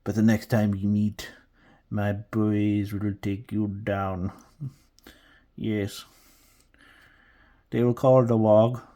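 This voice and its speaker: A man hamming up a menacing orc warboss, slow and boastful, with a crazy put-on accent and a low, mellow tone. He promises his boys will crush you. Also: flat delivery. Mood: taunting. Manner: slow, loud, threatening taunt. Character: boastful orc warlord, gruff adult male, menacing.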